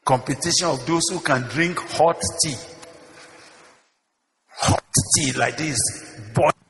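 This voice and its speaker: A man's voice: fairly high pitch, slow, a bit bright, long reverb tail, faint music behind. A male pastor preaching a sermon in a church, emphatic, firing repeated rhetorical questions at the congregation.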